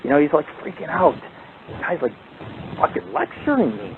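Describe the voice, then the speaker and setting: A man's voice: medium pitch, normal speed, vocal fry. Profane rambling man on a tinny line. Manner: rambling, profane, animated storytelling. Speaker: paranormal radio show host. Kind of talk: casual storytelling chat. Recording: tinny phone-like line with faint hiss.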